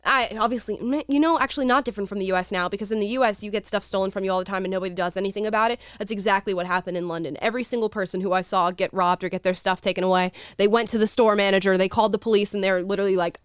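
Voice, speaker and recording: An animated American woman hosts a casual talk show and laughs often as she talks. Her voice is smooth and clear, and the sound is close and dry with no room around it. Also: mid-range voice, very fast, few pauses, no room sound. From United States. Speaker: host.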